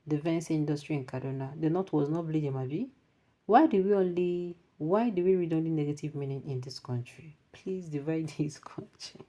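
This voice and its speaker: A woman with a Nigerian accent presenting news commentary, mixing Pidgin into animated remarks and reading out viewer comments. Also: low-pitched.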